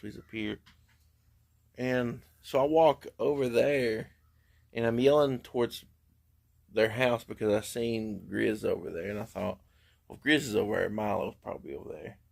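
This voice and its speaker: A man's voice: fairly low pitch, creaky. A middle-aged man chatting casually on a livestream, telling easygoing, rambling stories from his porch. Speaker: live streamer. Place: outdoor porch.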